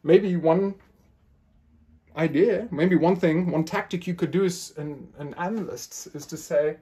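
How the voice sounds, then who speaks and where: A man's voice: a little high, unhurried, dark tone, breathy edge. A man lecturing in an academic style, playfully acting out quoted phrasings with questioning tones.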